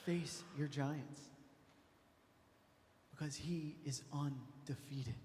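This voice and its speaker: A man preaching a sermon, moving from quiet, intimate passages up to loud, shouting climaxes. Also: fairly high pitch. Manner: builds from soft to shouting. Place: large church hall. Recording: long hall reverb.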